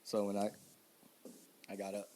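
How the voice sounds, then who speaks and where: A man's voice: lowish voice, completely flat delivery, normal speed, mellow, a little hiss or hum. A man co-hosting a casual podcast chat, telling rambling stories and laughing often. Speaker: podcast co-host.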